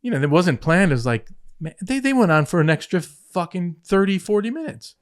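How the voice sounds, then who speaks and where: This high-voiced man talks fairly quickly as a podcast guest, once the head writer of a wrestling show. He chats casually through profane, lively backstage anecdotes, performing the quoted lines as he goes.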